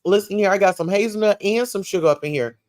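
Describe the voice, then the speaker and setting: A woman from Atlanta with a Southern accent, hosting a livestream, reading comments and dishing gossip in a sassy, animated way. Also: mid-range voice, fast. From Atlanta, USA. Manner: sassy, animated, calls listeners child and baby.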